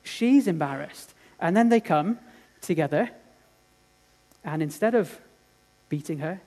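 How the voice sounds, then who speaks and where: A male preacher delivers a sermon as a dramatic, earnest story. His slightly high voice rises loud for the drama and falls to a hush for the tender moments. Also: expressive, unhurried.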